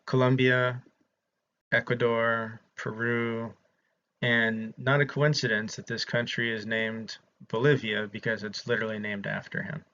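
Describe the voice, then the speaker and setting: A man's voice: mid-range voice, flat delivery, measured pace, bright, forceful tone. A man from the American South, giving a casual, chatty history lecture to his students with frequent ums. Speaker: instructor. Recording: slightly dull lo-fi audio with faint noise.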